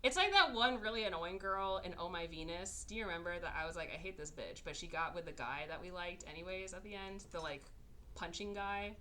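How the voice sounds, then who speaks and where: A woman's voice: on the low side, animated, a little fast, sharp tone, slight background noise. A woman podcast host in casual chat, sarcastically recapping a movie and acting out its characters in exaggerated voices.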